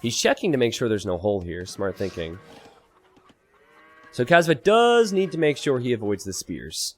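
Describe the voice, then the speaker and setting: An animated man commentating a strategy game match, his pitch swinging widely as he talks. He explains tactics in a casual tone and jumps into high, loud disbelief when something surprises him. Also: normal speed. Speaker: game caster. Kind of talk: esports commentary.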